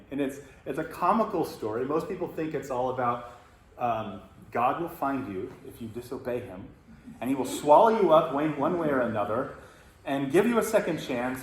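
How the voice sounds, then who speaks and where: A man teaching about the Bible in a reflective, hesitant way, with many fillers. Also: mid-range voice. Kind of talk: teaching talk. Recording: roomy echo, faint noise.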